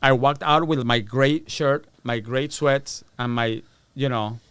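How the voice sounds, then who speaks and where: Unhurried and mid-range, his voice is fairly bright, clear and resonant, recorded dry. He's a middle-aged American on a podcast as a guest, cursing his way through animated tales and doing impressions of the people in them.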